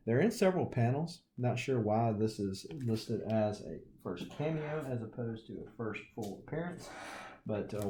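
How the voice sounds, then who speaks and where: A man with a Southern US drawl, slightly low and mellow in tone, talking through his comic collection. He drops folksy jokes along the way, and a faint hiss runs under his voice. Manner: folksy, joking asides. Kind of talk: casual show-and-tell.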